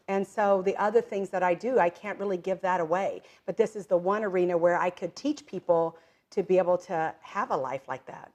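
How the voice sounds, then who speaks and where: Speaking a little fast in a lowish voice, this middle-aged direct-selling entrepreneur chats as a guest in a relaxed interview. Her storytelling is lively and peppered with "um" and "like," and she frequently laughs and mimics the voices of those she quotes.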